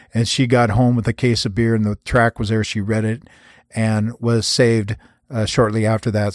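A man's voice: medium pitch, no echo, clean studio sound. Earnest, plainspoken man teaching. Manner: earnest, plainspoken, self-deprecating with stories. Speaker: host teaching gospel tract outreach. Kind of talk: conversational teaching talk.

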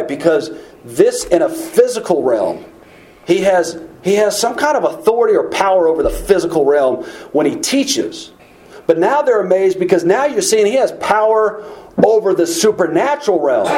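A man preaching through scripture in a relaxed, conversational manner. His voice sits high but sounds mellow and warm. He often stops to ask his listeners rhetorical questions. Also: rough recording. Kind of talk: bible teaching sermon.

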